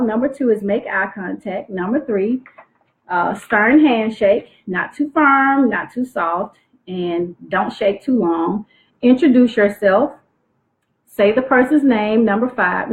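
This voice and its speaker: A woman teaching teen girls on a live stream, speaking clearly and expressively. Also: mid-range voice. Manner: clear, articulate, expressive delivery. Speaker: youth self-esteem coach. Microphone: phone livestream. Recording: tinny phone-like livestream audio.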